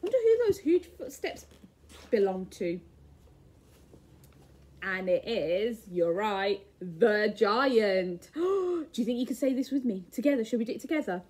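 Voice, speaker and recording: A woman teacher reading a picture book to young children, animated and full of questions and gasps. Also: mid-range voice, unhurried, breathy edge. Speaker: primary school teacher.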